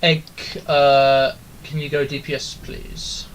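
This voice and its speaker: A man's voice: medium pitch, little pitch movement, slow pace, a little hiss or hum, poor audio. A man leading an online game raid over voice chat, giving instructions in a casual way full of ums and likes. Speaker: raid leader. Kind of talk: casual voice chat while gaming.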